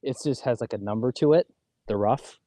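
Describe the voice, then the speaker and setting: A man's voice: medium pitch, brisk, warm tone, no echo. A man co-hosting a golf livestream, casually chatting and explaining course details while playing outdoors.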